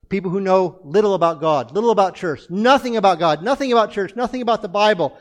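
A man with a high, light voice delivers a sermon from the front of a church. He preaches earnestly, pressing each point home with repeated phrases. His tone stays direct and emphatic as he guides the congregation through scripture. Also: fast, hardly any pauses. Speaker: pastor. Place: church sanctuary.

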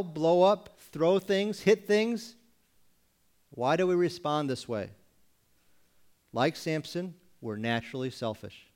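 A man preaching as a pastor, asking pointed rhetorical questions and pausing for effect. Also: a little high, smooth. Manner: rhetorical questions with dramatic pauses; acts out congregation voices mockingly. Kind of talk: sermon.

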